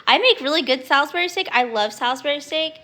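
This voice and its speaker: A young woman talks to her phone on a livestream from home, rambling from one story to the next. Her voice is bright and a bit high. She swears freely and laughs often. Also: expressive, quick pace. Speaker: livestream host. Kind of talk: casual chat.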